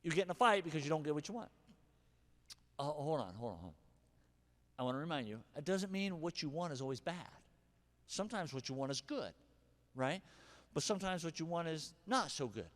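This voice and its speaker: A high-pitched, animated male pastor delivering a sermon, dropping to near-whispers and then shouting his key lines. His voice carries a long hall reverb, as if preached in a large sanctuary. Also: fairly quick, pauses often. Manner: animated, swings from hushed asides to shouted punchlines.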